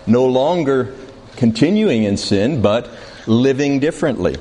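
Slow, deliberate male Bible teacher. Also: medium pitch, expressive, dark tone. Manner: slow and deliberate, questions the class. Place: classroom with a board. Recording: reverberant hall, faint background noise.

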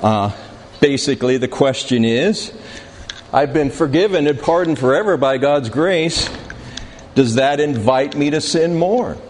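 A man teaching a Bible class, speaking deliberately and putting questions to his students in a room with a board. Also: fairly high pitch, lively intonation. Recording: reverberant hall, faint background noise.

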